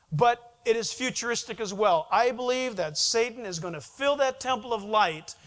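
A man preaching a sermon to a congregation, animated, often putting questions to the listeners and answering them himself. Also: very high-pitched. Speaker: pastor.

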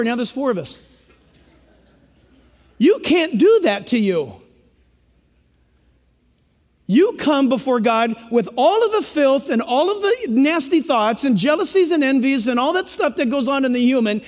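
Guy preaching a sermon, real high voice, acts out little voices, echo of a big hall. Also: measured pace. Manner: animated, acts out quoted voices for humor.

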